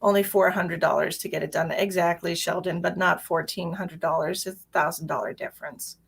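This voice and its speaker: A woman's voice: lowish voice, fairly even intonation, a little fast, vocal fry, breathy edge. A woman hosting a psychic livestream, chatting casually, ranting with swearing and answering viewer comments.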